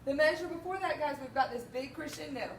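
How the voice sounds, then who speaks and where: A woman teaching a band lesson, counting beats out loud and singing the rhythms as she walks through the parts. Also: high-pitched, fast. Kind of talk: music lesson walkthrough. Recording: roomy, distant mic, faint noise.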